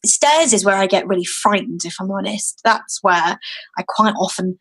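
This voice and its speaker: A British woman in her thirties speaks as a guest on a podcast interview. She tells her stories in an animated way, jumping up in pitch to act out the people she quotes. Her voice sits in a middle register. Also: normal speed, husky. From United Kingdom. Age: 30s. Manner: animated storyteller, acting out quoted voices with big pitch jumps. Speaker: guest, activist.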